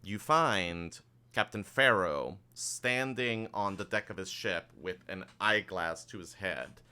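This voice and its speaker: Deep-voiced male game master, crisp and bright. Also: takes it slowly. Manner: relaxed, hesitant narration with fillers. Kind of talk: narrating a tabletop game.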